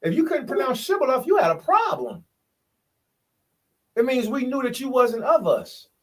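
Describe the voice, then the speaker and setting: High-voiced man preaching emphatically. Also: normal speed, creaky. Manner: emphatic, animated, rhetorical questions. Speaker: bible study speaker. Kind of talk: casual preaching in group call.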